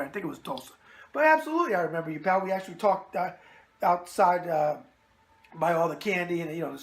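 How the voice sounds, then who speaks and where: High-sitting and fairly bright, this man's voice carries a New York accent as he runs a laid-back boxing mailbag show online. Expect brash wisecracks and plenty of catchphrases.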